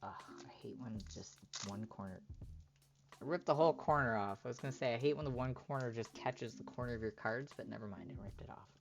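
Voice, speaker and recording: A man's voice: mid-range voice, fast talker, creaky, few pauses, soft background music. A man on a live stream, chatting casually and reading card text aloud as he opens packs. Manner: reads card text aloud in a relaxed running commentary.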